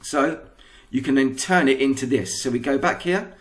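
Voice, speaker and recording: Man, English accent, primary teacher, patient explanation, medium pitch. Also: normal speed. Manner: patient, step-by-step instruction. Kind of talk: recorded lesson explanation.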